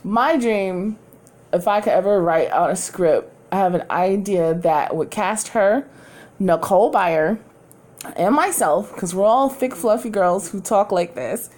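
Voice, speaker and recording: A woman's voice: mid-range voice, measured pace, darkish tone. A woman hosting a podcast from home, talking in a candid, chatty way and laughing often. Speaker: podcast host. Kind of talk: casual chat.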